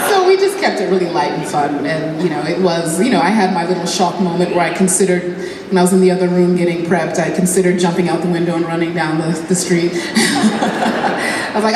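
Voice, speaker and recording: A woman's voice: on the low side, brisk. A woman on a convention panel, telling casual stories with lots of fillers and frequent laughter. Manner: chatty, many fillers, laughs often. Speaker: actor on a fan convention panel. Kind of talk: casual anecdotal storytelling. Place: large indoor convention hall. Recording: echoey convention hall from far off, ambient noise.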